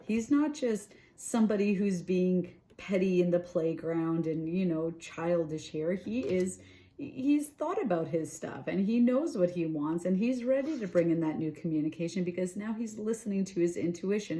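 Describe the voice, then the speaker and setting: A woman on her regular channel talks through a tarot spread in a relaxed, mellow voice that sits a little low. She is chatty and filler-heavy, keeps checking in with the listener, and now and then acts out the voice of a thought. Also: normal speed. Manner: animated, voices inner thoughts in quoted asides. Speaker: tarot reader. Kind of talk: casual tarot reading.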